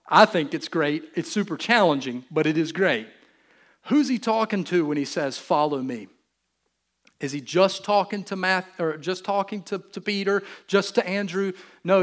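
A male pastor with a Southern US accent giving a sermon in a conversational, joking way, acting out little quotes. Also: high-pitched. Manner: conversational, jokey, acts out quotes.

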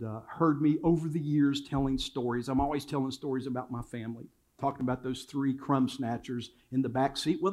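Older male pastor, slightly high voice, storytelling sermon delivery, repeats lines for emphasis. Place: church sanctuary.

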